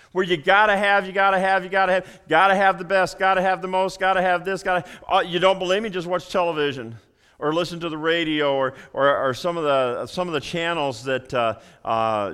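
In a church sanctuary, a pastor preaches a sermon in a folksy, animated style, often repeating and restarting phrases. His high voice comes through with a clean tone.

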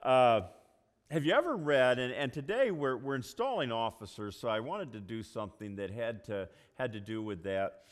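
A man who is a pastor, giving a sermon to his church in a halting way with many fillers and restarts. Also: mid-range voice, lively intonation, in a large hall. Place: church sanctuary.

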